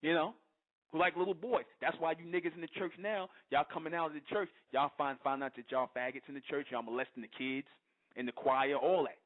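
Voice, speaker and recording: A man with a high-pitched voice hosts a radio show and rants in a fiery, confrontational way, often pressing listeners to agree. The audio is thin and phone-like. His delivery is preachy and forceful. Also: fairly even intonation, brisk. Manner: preachy and confrontational, keeps asking "you understand?". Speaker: internet radio host. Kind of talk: fiery monologue. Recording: tinny phone-line audio.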